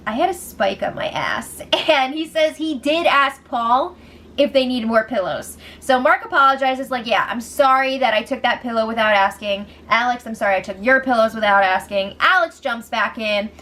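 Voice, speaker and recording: A woman hosting a casual reality show recap, sarcastic and quick to laugh. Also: on the high side, a bit bright. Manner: sarcastic, laughs often, quotes people in mocking voices.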